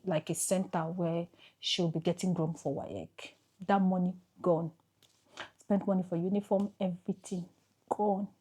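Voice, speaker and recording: Nigerian woman vlogging to her phone, kinda husky, emotional and halting, keeps repeating herself. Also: on the low side, warm tone. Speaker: vlogger telling her life story. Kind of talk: emotional personal storytelling to camera.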